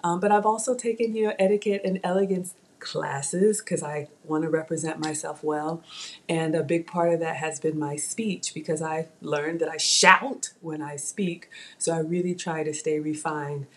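A young woman with a light Southern US accent, born in Ghana, chats with her viewers while she cooks on a live stream. Her voice sits a little low, and she keeps up an easy, talkative flow. She is recorded on a tablet mic. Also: steady tone, moderate pace, a little mellow. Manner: chatty, talks straight to viewers. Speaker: cooking channel host. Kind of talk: live-streamed cooking chat.

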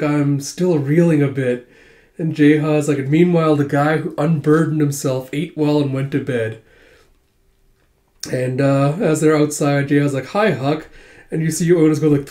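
A man's voice: a little high, mellow. A man casually reading through a manga volume, retelling the dialogue with frequent laughs and filler. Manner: chatty, laughs often, reads dialogue with "he's like". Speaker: manga reader.

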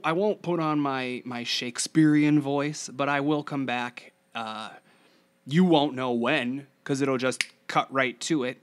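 A man's voice: mid-range voice, a bit bright, smooth. A man hosting his own podcast, rambling casually with many fillers and restarts, later reading a screenplay aloud. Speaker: podcast host.

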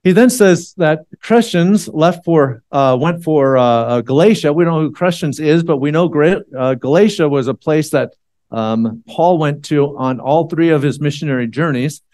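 A man's voice: a little high, moderate pace, a little mellow, no echo, clean studio sound. Man preaching a conversational Bible sermon. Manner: conversational, with frequent fillers and restarts. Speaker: church elder.

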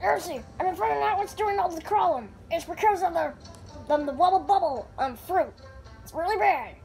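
A woman's voice: extremely high pitch, animated, fairly quick, vocal fry, darkish tone, soft background music, full character voice. A woman voicing an absent-minded eccentric old male professor inventor, stammering and easily flustered in a fan puppet video. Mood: frantic.

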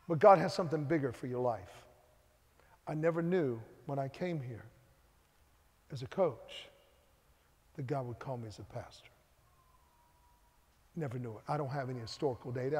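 A middle-aged man, co-pastor of a church, preaching a sermon that swings between loud and hushed. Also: on the high side, moderate pace, pauses often. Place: church sanctuary. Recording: long hall reverb.

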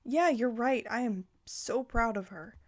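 A woman reading the lines of Bernard, a stressed, lovesick head elf, in a quiet, glum voice. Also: on the high side, measured pace, lightly acted.

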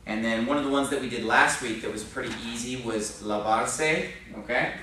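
Speaking at a normal speed with a bright, forceful tone and a medium pitch, a man teaches Spanish in a church classroom. He explains patiently, questions the class, and says "okay?" a lot. There's slight background noise, and the very echoey space is recorded from afar.

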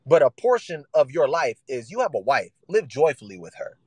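A man's voice: mid-range voice, sing-song, moderate pace, a little mellow, breathy edge, no echo, low-quality recording. A man preaching a sermon in casual vernacular, emphatic and repetitive, acting out the voices he quotes.

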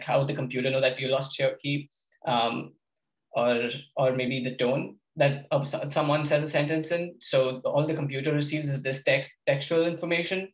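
A man's voice: mid-range voice, reverberant, rough recording. A young man giving an informal workshop lecture, with lots of ums, hesitations and restarts. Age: young adult. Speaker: workshop presenter.

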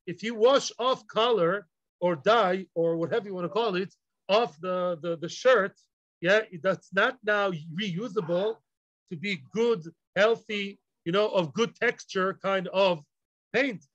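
A man's voice: high voice, a bit bright, no room sound. A man teaching a Talmud class, playfully acting out both sides of the argument and mixing Hebrew and Yiddish terms into his talk. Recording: dull, lo-fi dry recording.

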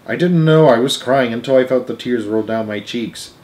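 A man's voice: medium pitch, normal speed, a little mellow, low-quality recording. A man reading a chapter book aloud as storyteller, earnest and emotional, now and then restarting a phrase.

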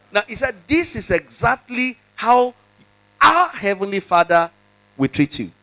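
A man's voice: sits high, very animated, a little slow, bright, forceful tone, low-quality recording. A male pastor preaching a sermon, reading scripture aloud, acting out its dialogue and repeating lines and questions to the congregation. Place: church service.

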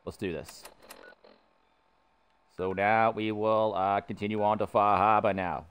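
A man's voice: fairly low pitch, flat delivery, unhurried, a bit bright, clear, resonant tone. A man streaming a game while commenting in a put-on cartoon mayor voice with a Boston-style accent that slips toward Brooklyn. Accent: Boston-style impression with slips of Brooklyn. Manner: talks in a put-on politician cartoon voice, rambling. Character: pompous male cartoon mayor impression. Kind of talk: let's play commentary in a cartoon mayor impression.

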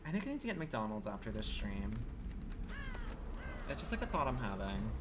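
A man's voice: fairly low pitch, very animated, normal speed, background noise. A man streaming a game live, talking to his viewers in a dramatic, exclamatory and profane way. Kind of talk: casual live gaming commentary.

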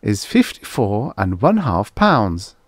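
A man's voice: fairly low pitch, very animated, slow, no echo, clean studio sound, heavily acted. A man voicing a cheerful male robot street vendor with chirpy, mechanically polite sales patter. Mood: chirpy salesman.

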